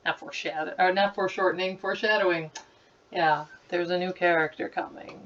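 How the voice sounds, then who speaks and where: Giggly, rambling woman with a lowish voice. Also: steady tone, a little fast, a bit bright, far from the mic, slight background noise. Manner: chatty and giggly, rambling with many "like" fillers. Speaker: creator revisiting her childhood slideshows. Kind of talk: casual screen-recording commentary. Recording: slightly muffled lo-fi recording.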